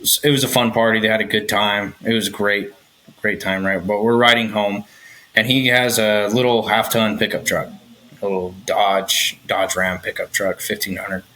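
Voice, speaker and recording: A man's voice: lowish voice, little pitch movement, normal speed, bright, forceful tone, rough recording. A man speaking as a podcast guest, telling personal stories candidly and swearing freely.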